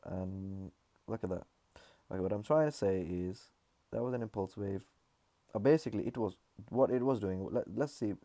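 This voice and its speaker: Male chart analyst, somewhat low and warm tone, casual and repetitive delivery, lots of ums and uhs. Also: moderate pace. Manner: loose, repetitive explaining with frequent fillers. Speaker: trading analyst. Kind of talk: casual market chart walkthrough.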